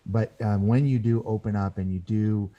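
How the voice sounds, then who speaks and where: Earnest man with a very dark voice. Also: on the low side, steady tone, muffled recording. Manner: earnest storyteller who acts out quoted voices; halting, with frequent restarts. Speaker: guest author. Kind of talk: podcast interview.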